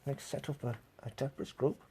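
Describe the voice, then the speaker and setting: With a steady, dark, mid-range voice and a brisk pace, a man tells his live-stream chat rambling stories amid slight background noise. He laughs a lot and swears freely in this casual storytelling.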